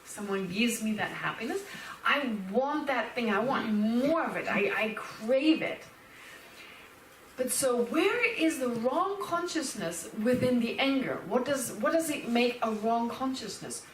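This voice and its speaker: Lively woman teaching in an echoey room. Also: fairly high pitch, measured pace, a little hiss or hum. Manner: lively, laughing, acts out quotes. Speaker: Buddhist teacher. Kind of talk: lecture on Buddhist philosophy. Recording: roomy hall, speaker far from the mic.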